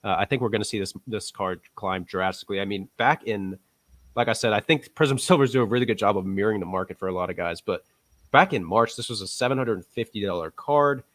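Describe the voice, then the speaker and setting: A man co-hosting a casual podcast, pitching his investment picks with upbeat, rising emphasis. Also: fast, fairly bright tone, dry recording. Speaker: co-host.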